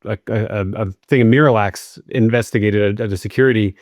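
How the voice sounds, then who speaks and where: Quick-talking low-voiced male host. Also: steady tone, a little mellow, dry recording, clean studio sound. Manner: hesitant, many restarts, friendly. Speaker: meetup host. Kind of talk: casual group discussion on a video call. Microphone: video call.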